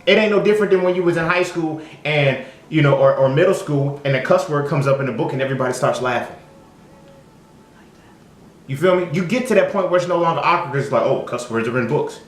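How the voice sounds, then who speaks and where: A man's voice: on the high side, quick pace. A man giving a casual, profane opinion monologue as a vlogger, emphatic and conversational, and he keeps asking "you feel me?". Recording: echoey room.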